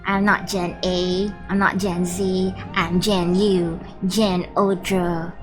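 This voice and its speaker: A woman's voice: fairly low pitch, little pitch movement, takes it slowly, poor audio. A young woman from the Philippines chatting playfully and giggling with her stream viewers, reading their messages aloud. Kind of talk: casual live-stream chat with viewers. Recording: background music under the voice. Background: background music.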